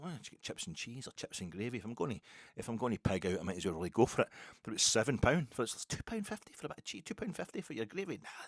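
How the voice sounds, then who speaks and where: Rambling Scottish football podcaster, low voice. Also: male voice, dry recording, clean studio sound. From Scotland. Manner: rambling, digressive, mock-outraged. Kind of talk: casual football rant.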